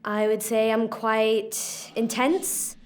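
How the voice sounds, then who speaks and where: A woman's voice: fairly high pitch, little pitch movement, slow. A woman in her twenties from Alabama, an acting graduate, introducing herself in an earnest, reflective way. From United States (Alabama). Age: 20s. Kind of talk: self-introduction to camera.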